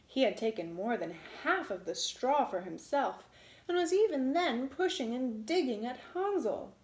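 A woman reading a storybook aloud in an expressive way, relishing the sound words. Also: high voice, normal speed, roomy sound.

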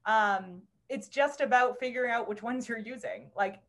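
A woman hosting a casual conversation, telling stories in an animated way with lots of fillers and little laughs. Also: a little high, normal speed. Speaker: host.

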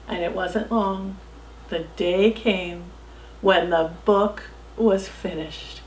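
A woman telling a missionary story to children, with dramatic shifts from loud calls to soft whispers. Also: medium pitch, roomy sound, low-quality recording. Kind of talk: storytelling narration.

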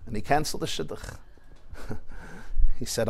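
A man, a rabbi giving a Torah class in a study hall, who tells stories with lively shifts and sprinkles in Yiddish and Hebrew terms. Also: mid-range voice, fast talker. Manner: animated storyteller mixing in Yiddish and Hebrew terms.

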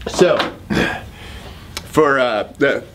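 A man's voice: medium pitch, drawn-out words, noisy background. A man coach in a casual outtake, talking loosely and fumbling his lines. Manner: fumbling, loose, full of restarts.

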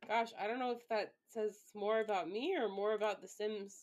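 A woman's voice: medium pitch, fairly even intonation, moderate pace, darkish tone. A woman live streamer chatting casually to herself, rambling with lots of fillers and swearing. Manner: rambling self-talk with frequent swearing and fillers.

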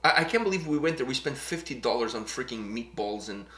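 A man co-hosting a reaction channel, chatting casually in an animated way and often repeating or restarting his phrases. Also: medium pitch, fast talker, roomy sound.

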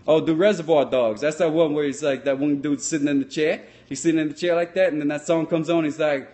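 A dim, cheerful sock puppet cop, voiced by a man, rambles through improvised comedy in a folksy, deadpan drawl. He mangles his words as he goes. His voice sits a bit high for a man. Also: fast talker, hardly any pauses. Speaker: sock puppet comedian answering live chat.

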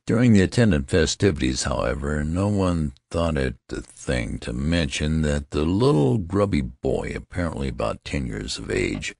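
A man reading an audiobook aloud in a lively, expressive way. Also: extremely low pitch, gravelly, dry recording, clean studio sound. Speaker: audiobook narrator. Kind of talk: scripted audiobook narration.

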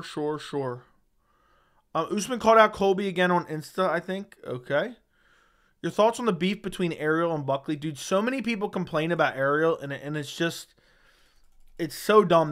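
A man's voice: fairly high pitch, a bit bright. A man hosting a casual livestream, reading viewer chat aloud and giving blunt, sarcastic, slangy replies into a studio microphone.

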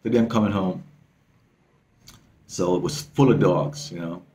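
A male travel vlogger tells a story to the camera, casual and excitable, swearing freely and repeating himself. His voice is low and his speed normal, with slight background noise.

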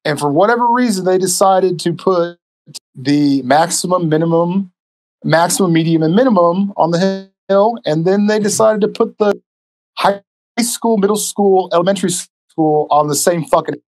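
A man telling stories casually on a podcast as a guest, animated and profane, acting out the people in his stories. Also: sits high, normal speed. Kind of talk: casual storytelling.

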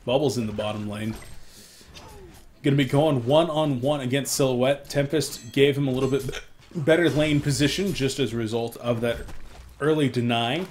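A young man casting a live esports match alone, excitable in fights and stopping to apologize to viewers for his hiccups. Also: moderate pace, a little hiss or hum. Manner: excitable, rises sharply in loudness and pitch during fights. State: has the hiccups. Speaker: esports caster. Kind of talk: solo live game commentary.

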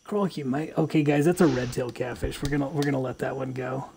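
A man's voice: medium pitch, fairly even intonation, fast talker, vocal fry, dark tone, slight background noise. A man streaming a fishing game, chatting casually, joking and swearing freely. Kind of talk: casual live-stream chat.

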